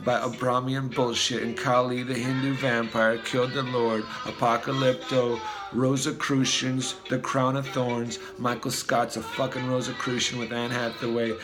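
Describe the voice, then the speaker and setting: Man vlogger, rambling profane rant, mid pitch. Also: little pitch movement, normal speed, hardly any pauses, music in the background. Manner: free-associating, profane, muttering. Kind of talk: rambling conspiracy monologue.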